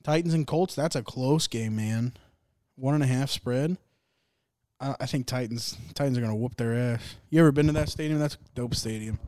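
A man's voice: mid-range voice, normal speed, dark tone, no room sound, clean studio sound. Profane young man in casual sports chat. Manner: profane, joking, rambling. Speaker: podcast host.

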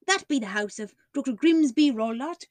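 A chatty country coach driver, put on by a woman reader talks quick and eager in broad rustic speech. The voice is pitched high and the storybook recording is dry. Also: expressive, no room sound.

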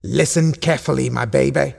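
A man voicing a kind, gentle rabbit uncle in a storybook, speaking slowly and soothingly. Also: mid-range voice, gravelly. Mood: encouraging. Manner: soothing, slow and tender. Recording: long hall reverb.

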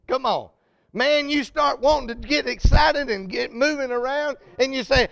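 A man preaching a fervent sermon, calling out to the congregation and building to shouted peaks. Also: very high-pitched, unhurried, gravelly.

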